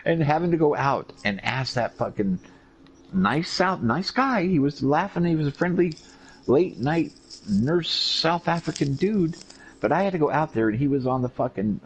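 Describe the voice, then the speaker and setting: A man recovering from surgery, telling profane, animated stories in a casual chat. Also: medium pitch. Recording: dull lo-fi recording with faint noise.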